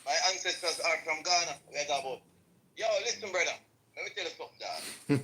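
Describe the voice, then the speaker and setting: A man argues in a live audio room in loose street slang, tripping over his words as he restarts. His voice sits high and sounds very bright and sharp. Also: animated, quick pace, low-quality recording. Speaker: audio chat room participant. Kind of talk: casual political debate in an audio room.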